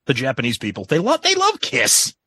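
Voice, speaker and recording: Bright, lively-voiced man hesitating. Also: medium pitch, a little fast, slightly rough, no echo. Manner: hesitant, many ums and restarts. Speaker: podcast co-host. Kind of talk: casual podcast chat.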